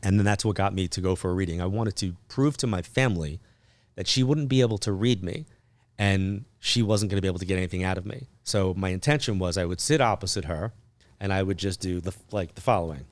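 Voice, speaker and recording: Chatty man telling a story, low-voiced. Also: fast talker, no echo. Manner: chatty, lots of "like" and "um" fillers; animated, acts out remembered dialogue. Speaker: podcast guest, psychic medium. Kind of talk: casual storytelling interview.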